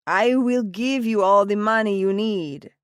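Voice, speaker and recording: A woman reading an audiobook, voicing a gruff, overprotective older father with an Italian accent who growls his orders. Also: medium pitch, measured pace, no room sound, studio quality, pitched above the performer's own voice, lightly acted. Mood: commanding. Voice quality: growling, stern. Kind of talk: audiobook character voice. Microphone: close studio mic, dry.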